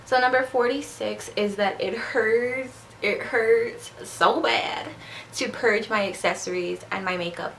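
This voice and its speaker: A woman vlogger whose first language is Spanish talks to camera in a rambling, chatty way, slurring her words a little when she speaks fast. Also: medium pitch, fairly bright tone, a little hiss or hum. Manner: chatty, rambling, repeats herself. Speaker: beauty vlogger. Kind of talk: casual chat to camera.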